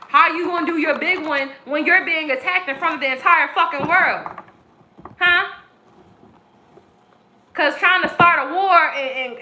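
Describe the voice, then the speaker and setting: A woman's voice: high-pitched, bright, forceful tone, slight background noise. A woman tarot reader on a live stream, ranting in an aggressive, profane, preachy way. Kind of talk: live-stream spiritual rant. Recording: echoey room.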